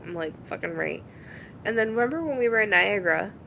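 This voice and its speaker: A podcast co-host in casual chat, this woman is an animated storyteller who swears freely and acts out both sides of phone calls. Her voice is medium-pitched and fast, with vocal fry. The highs are cut off and there's slight background noise.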